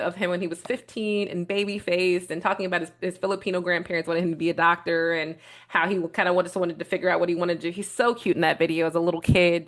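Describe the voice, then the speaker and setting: A woman hosting a casual video commentary, talking bluntly with strong opinions and swearing freely as she rambles through her points. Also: on the low side. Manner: rambling with restarts, animated retelling. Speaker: vlog host reviewing a documentary.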